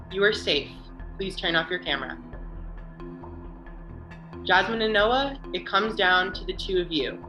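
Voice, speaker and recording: Lady host reading results, lowish voice, slow and formal, music under her. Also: poor audio. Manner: measured, formal. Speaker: game show host. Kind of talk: scripted announcements.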